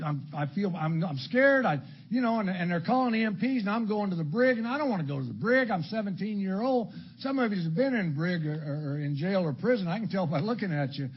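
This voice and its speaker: An older man from Illinois sharing his story at a recovery meeting, blunt and crude, with dark humor. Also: sits high, breathy edge. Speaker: AA speaker. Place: meeting hall before an audience. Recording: dull lo-fi talk recording with faint background noise.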